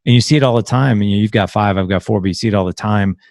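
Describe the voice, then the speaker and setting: A middle-aged man with a gravelly, somewhat low voice talks about parenting from home over a video call. He is lively and acts out little exchanges with his kids. The sound is close and dry, with no room around it. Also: dry recording. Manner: animated, acts out family dialogue in quick voices. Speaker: podcast guest, fellow father. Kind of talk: casual conversation on a video call.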